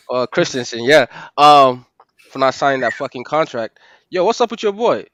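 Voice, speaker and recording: A man's voice: mid-range voice, animated, unhurried, a bit bright, no echo. A blunt, sweary man in a casual stream chat who laughs between his points.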